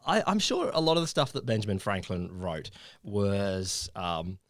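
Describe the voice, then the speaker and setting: A man co-hosts a relaxed podcast and narrates history with lively, swooping intonation. He often restarts his sentences as he goes. His voice is close and dry, with no room sound. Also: lowish voice, normal speed, no room sound. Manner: animated storyteller, stumbling restarts. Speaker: podcast co-host. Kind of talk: casual podcast chat, reading a historical essay aloud.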